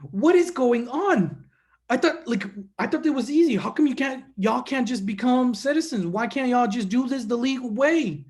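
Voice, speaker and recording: A man voicing his earnest young friend from rural Virginia, who talks in an excited, folksy country way. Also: very high voice, normal speed, pitched above the performer's own voice. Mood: frustrated.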